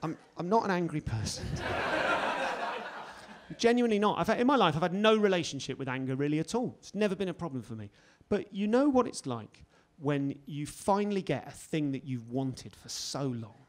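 A British man in his forties performing a stand-up comedy set, telling stories with sudden loud outbursts. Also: fairly high pitch, expressive, a little fast. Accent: British English. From England. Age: 40s. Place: comedy stage before a live audience.

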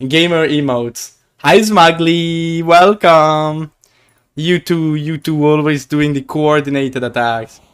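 A man chatting on a live stream in a slightly high, smooth, clear voice. He talks slowly but excitably, stammering and repeating himself as he greets viewers and jokes around. The tone is casual and playful.

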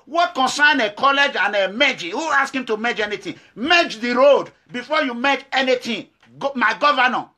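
A man's voice: very high voice, bright, forceful tone. A middle-aged man from Nigeria with a Nigerian accent, giving an impassioned, emphatic monologue to camera, repeating himself and firing off rhetorical questions. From Nigeria, Edo State. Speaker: activist.

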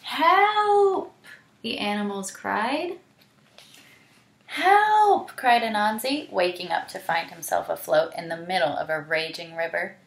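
A woman teacher reading a picture book aloud to children, animated and stopping to ask them questions. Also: lowish voice, moderate pace, gravelly. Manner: animated, asks the listener questions. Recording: roomy echo.

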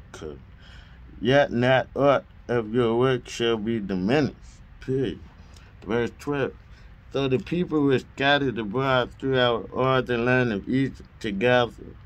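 Slow deliberate man reading scripture. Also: medium pitch. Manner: reads punctuation marks aloud, deliberate; occasional stumbles and restarts. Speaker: Bible reader.

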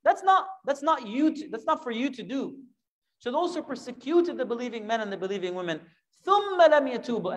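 A man teaching a Quran lesson, animated and full of rhetorical questions, now and then acting out imagined voices. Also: very high-pitched.

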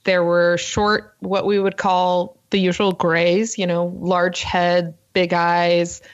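Fast-talking woman podcast co-host. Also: lowish voice, flat delivery, muffled recording. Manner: fast-talking, lots of ums and uhs. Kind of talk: casual podcast storytelling.

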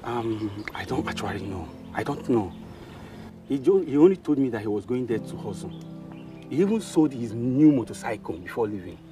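An actor with a Nigerian accent playing a village man in a hurry, hesitant and quick. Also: mid-range voice, expressive, over music, close to an everyday voice. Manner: fast, hesitant. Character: village man carrying a cutlass, hurried. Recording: distant outdoor mic.

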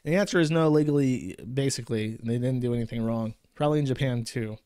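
A man's voice: mid-range voice, quick pace, warm tone, smooth, dry recording, clean studio sound. A man hosting a show, ranting in casual commentary with a sarcastic, profane manner. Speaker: show host.

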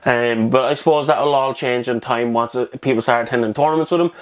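A man's voice: mid-range voice, quick pace. A man hosting a casual hobby news video, talking in a chatty, rambling way with fillers and restarts, a little out of breath.

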